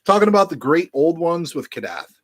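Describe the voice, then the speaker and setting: In a sing-song, slightly high and a bit bright voice, moving a little fast, a man chats to his webcam audience while showing off his vinyl collection, rambling along with crude jokes in casual unboxing fashion.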